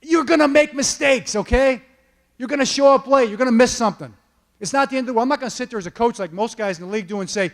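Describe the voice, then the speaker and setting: A man with a noticeably high voice gives a motivational talk from an event stage. He tells stories in an animated way, checking in with the audience with "okay?" and "all right?" as he goes. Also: fast. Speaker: football coach giving a keynote talk.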